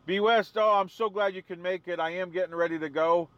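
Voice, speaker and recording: A man's voice: high voice, fairly even intonation, fairly quick, clear, resonant tone, no room sound, dull audio. A man hosting a live stream, chatting casually with viewers and answering their comments. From New England.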